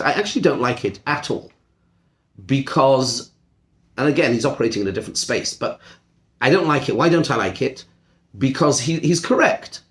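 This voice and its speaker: A middle-aged man, a rabbi, giving a discussion-style lecture to a class, emphatic and repeating words as he thinks. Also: mid-range voice. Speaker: rabbi teaching a seminar class.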